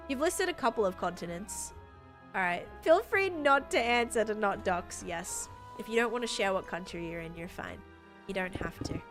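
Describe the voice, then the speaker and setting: A woman's voice: mid-range voice, animated, normal speed, fairly bright tone. A woman from the United States, chatting casually with her chat in a bubbly, gushing way while she plays a game on a live stream. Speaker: livestreamer. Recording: game music behind voice.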